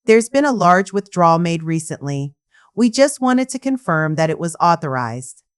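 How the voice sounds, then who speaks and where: A woman's voice: lowish voice, big pitch swings, moderate pace, clear, resonant tone. A woman voicing a male bank officer on the phone, with a professional, cool delivery. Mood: formal. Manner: professional, cold.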